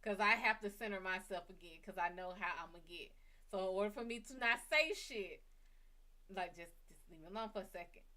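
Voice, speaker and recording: Bright-voiced woman cursing through a story. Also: mid-range voice, a little fast. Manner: blunt, heavy cursing, lively retelling. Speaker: psychic reader and show host. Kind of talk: casual storytelling monologue.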